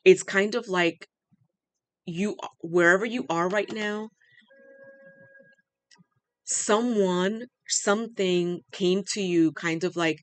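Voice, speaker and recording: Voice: medium pitch, smooth, dry recording. Earnest, emotional tarot reader. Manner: earnest and repetitive, often pausing in awe; emotional, says they are overwhelmed. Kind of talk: spontaneous channeled tarot reading.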